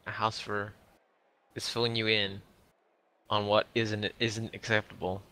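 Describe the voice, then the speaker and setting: A man's voice: on the low side, little pitch movement, a little slow, sharp tone. A man in casual chat with friends on a game stream, rambling and searching for words. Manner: rambling, hesitant.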